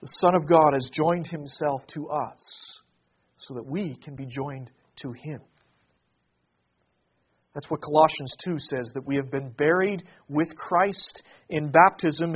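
A male pastor preaching a sermon to his congregation. He swells to emphatic peaks and then drops to a hush. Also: a little high, slow, husky, lo-fi sound.

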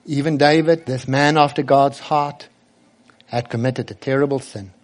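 A man's voice: medium pitch, steady tone, moderate pace. A man preaching a sermon earnestly, often turning to ask the children direct questions.

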